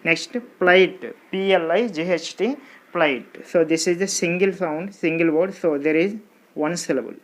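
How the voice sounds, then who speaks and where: Unhurried teacher, drills exam vocabulary by saying each word again and again and counting syllables aloud. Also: mid-range voice. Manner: repeats each word slowly, stretching syllables and counting them out. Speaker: English teacher. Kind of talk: exam-prep grammar lesson.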